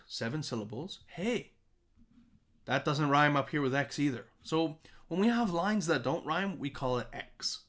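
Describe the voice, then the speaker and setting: A man teaching songwriting in a recorded lesson, his pitch leaping up and down as he explains. He chants simple rhymes to make his points and checks in often with "okay?" and "right?". His voice sits a little above the usual male range. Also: measured pace. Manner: animated, chanting rhymes as examples. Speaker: music teacher.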